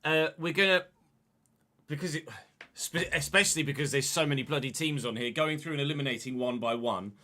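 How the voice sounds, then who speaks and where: A man's voice: on the high side, brisk, sharp tone. Chatty man live-streaming. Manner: chatty, muttering asides to himself and chat. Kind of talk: casual live-stream commentary.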